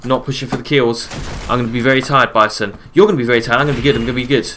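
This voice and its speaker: A man streaming a game live, chatting casually, reading viewers' messages aloud and answering them between quick calls about the play. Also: medium pitch, slight background noise. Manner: relaxed, chatty, repeats his own phrases. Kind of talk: casual live-stream commentary while gaming.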